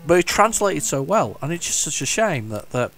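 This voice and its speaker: A retro gaming video host with a slightly high, somewhat bright voice speaks at normal speed with big swings in pitch while playing an old computer game. His casual, enthusiastic commentary rambles and restarts sentences, and he hums along to the game tunes, which play faintly in the background.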